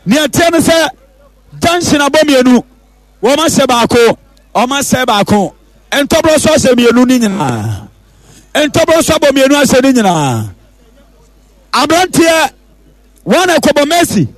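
High-voiced Ghanaian football commentator, man. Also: moderate pace, pauses often, no room sound, rough recording. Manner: repeats players' names and shouts them out excitedly. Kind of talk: penalty shootout commentary.

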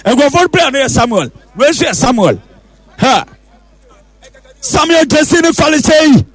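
A man with a Ghanaian accent commentating a football penalty shootout, calling out and repeating the players' names with excitement. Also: very high voice, moderate pace, faint music behind, a faint crowd, low-quality recording.

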